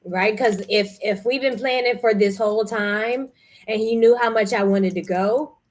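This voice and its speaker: A woman's voice: mid-range voice, fairly even intonation, moderate pace. A young woman talking frankly to her camera about feeling tired and unwell, candid and emotional. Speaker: vlogger running group trips. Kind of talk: casual vlog talk.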